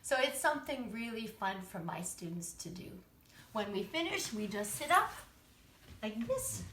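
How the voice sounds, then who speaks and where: A woman's voice: a little high, very animated, normal speed, background noise. Cheerful sing-song woman teacher. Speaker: children's music teacher. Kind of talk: live-streamed lesson with chants. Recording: roomy echo.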